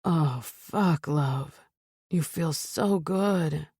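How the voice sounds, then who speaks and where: A woman narrator voicing a commanding, possessive male mafia lover in an audiobook, speaking in a low growl and purr. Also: steady tone, unhurried, dark tone, slightly rough, no room sound, studio quality, heavily acted. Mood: husky, commanding.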